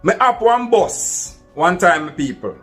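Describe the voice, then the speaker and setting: High-voiced Jamaican man telling a story. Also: big pitch swings, slow, a bit bright, soft background music. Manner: earnest, addresses listeners as "my people". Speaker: vlogger. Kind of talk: casual first-person storytelling.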